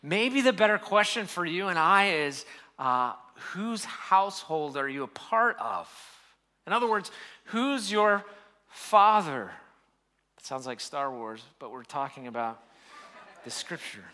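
A man's voice: a little high, lively intonation, measured pace, bright, forceful tone. A man preaching a sermon, reading scripture and building emphasis as he explains it. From United States. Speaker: pastor.

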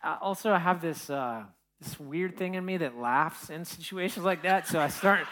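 A man's voice: high-pitched, a little slow, a bit bright. A man preaching a conversational sermon as a pastor, telling a personal story and checking in with his listeners as he goes. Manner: storytelling, with asides to the congregation.

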